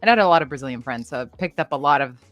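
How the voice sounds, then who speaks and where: A woman with a low voice talks animatedly and explains things at length, laughing often. The sound is dry and close, with faint music under it. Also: animated, rapid-fire, dry recording, muffled recording. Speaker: voice actress at a live signing stream. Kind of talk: casual chat.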